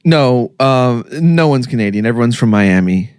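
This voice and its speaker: A man's voice: mid-range voice, animated, moderate pace, a little mellow, smooth, dry recording, studio quality. A man co-hosting a podcast in casual chat, joking and laughing often.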